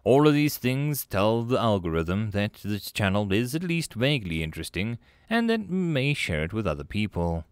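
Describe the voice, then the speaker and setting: Male audiobook narrator: expressive, lively pitch, dry booth sound. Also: normal speed, hardly any pauses, smooth, no echo. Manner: expressive storytelling.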